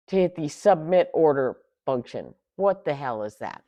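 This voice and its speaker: A middle-aged woman hosting a tarot channel, ranting casually in an exasperated, animated way with sarcastic asides. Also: sits low, normal speed, few pauses, no echo, lo-fi sound. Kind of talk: casual rant.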